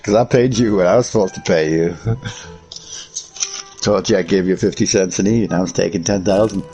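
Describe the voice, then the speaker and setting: A low-voiced man chats casually and loosely while painting miniatures on stream, swearing freely as his stories wander. Faint music plays behind him. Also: moderate pace, warm tone, poor audio. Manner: profane, rambling storytelling.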